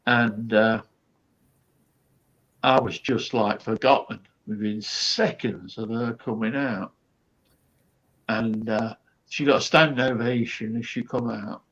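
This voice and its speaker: A man's voice: mid-range voice, takes it slowly, long pauses, fairly bright tone, lo-fi sound. A man, a guest comedian, telling a rambling backstage anecdote full of quoted asides and fillers.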